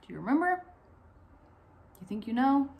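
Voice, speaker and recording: A young woman teacher giving a recorded phonics lesson to young pupils, speaking clearly, asking questions and pausing for answers. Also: sits high, sing-song, dull audio. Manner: slow, clear, encouraging teacher talk, asks questions and pauses.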